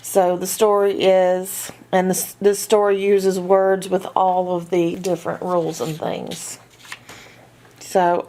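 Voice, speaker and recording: Slow, patient woman teaching reading. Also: lowish voice, flat delivery, dark tone. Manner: asks checklist questions and sounds out letters slowly. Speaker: reading teacher for homeschool parents. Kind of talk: instructional walkthrough.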